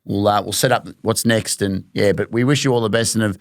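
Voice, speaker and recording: A man's voice: lowish voice, fairly quick, dry recording, studio quality. A man co-hosting a podcast, joking in an easygoing way. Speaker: podcast co-host. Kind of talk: casual banter.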